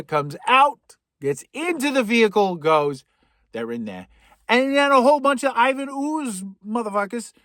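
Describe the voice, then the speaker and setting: A man recapping a film plot for comedy, rambling and sarcastic, with sudden loud outbursts and whispered asides. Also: on the high side, no echo, clean studio sound. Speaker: podcast host.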